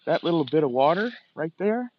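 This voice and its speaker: A man's voice: on the high side, sing-song, brisk, muffled recording, slight background noise. A man, livestreaming as he walks outdoors by the water, talking casually, cursing often and ranting, a bit out of breath. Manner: profane, rambling, ranting.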